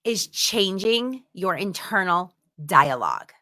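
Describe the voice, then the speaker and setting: Emphatic woman with a bright voice. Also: fairly low pitch, very animated, takes it slowly. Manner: emphatic, repeats words for stress. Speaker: instructor. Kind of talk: motivational teaching talk.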